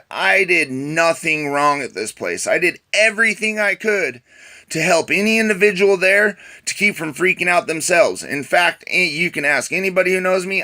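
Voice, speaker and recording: A man's voice: fairly high pitch, sharp tone. A young man casually telling a personal story to camera, rambling with many fillers and restarts. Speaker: vlogger.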